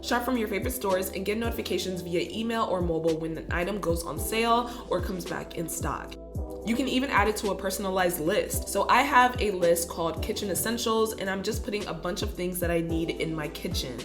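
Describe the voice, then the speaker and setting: A woman doing an upbeat, scripted voice-over for a sponsor. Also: fairly quick. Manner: upbeat, scripted product pitch. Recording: music playing underneath.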